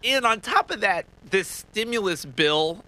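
A male reporter gives animated analysis on a news panel, piling up thoughts and restarting sentences. His voice has a very bright, sharp timbre. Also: sits high, unhurried, rough recording.

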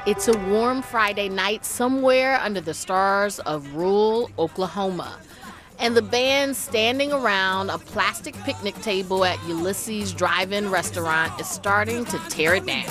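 Woman radio host reading a film segment, clear and friendly, faint music behind. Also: medium pitch, measured pace, a bit bright. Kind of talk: scripted arts segment and interview.

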